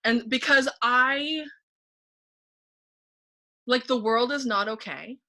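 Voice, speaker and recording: A woman guest in a casual podcast conversation, telling a personal story in an animated way and acting out her own thoughts aloud, with frequent "like". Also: on the high side, takes it slowly. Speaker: podcast guest, painting facilitator.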